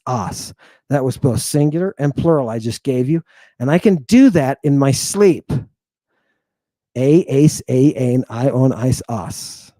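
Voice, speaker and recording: A man teaching ancient Greek grammar in a casual, animated lecture, blunt and talking straight to his viewers. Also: mid-range voice, dry recording. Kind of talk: casual lecture over slides.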